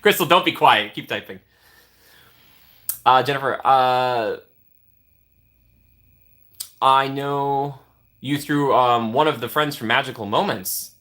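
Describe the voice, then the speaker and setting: A man's voice: mid-range voice, takes it slowly, pauses often, pushed and bright. A young man casually chatting on a live stream, reading and answering viewer comments with playful teasing.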